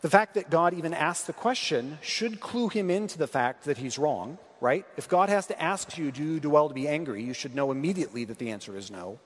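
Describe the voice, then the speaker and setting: A man's voice: on the high side, animated, brisk, few pauses. A man preaching a sermon in a conversational way, reading scripture and asking the congregation questions. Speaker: pastor. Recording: long hall reverb.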